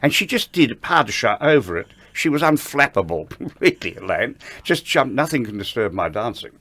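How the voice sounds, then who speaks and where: Lively older male storyteller. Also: mid-range voice, normal speed, no echo. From Australia. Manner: animated raconteur who acts out quoted dialogue. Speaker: interview guest, ballet veteran. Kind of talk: anecdotal interview storytelling.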